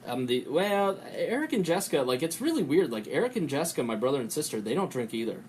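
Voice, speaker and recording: Rambling, profane podcast host. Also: male voice, on the high side, very animated, darkish tone, slight background noise. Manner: rambling, profane, jumps into quick impressions. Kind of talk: casual podcast chat.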